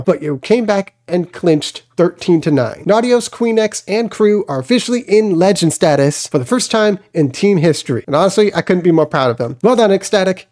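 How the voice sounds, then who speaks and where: A young man excitedly recapping esports matches, talking straight at the teams with mock drama. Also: high-pitched. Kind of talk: energetic video recap commentary.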